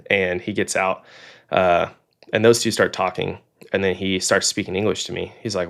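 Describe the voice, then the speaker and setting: A man's voice: deep voice, normal speed, creaky. A young man from Oklahoma, a fighter pilot guest on a podcast, telling a story in a casual way. He acts out the people he quotes and fills his talk with "like" and "um.". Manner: animated storyteller, acts out quoted dialogue, frequent "like" and "um".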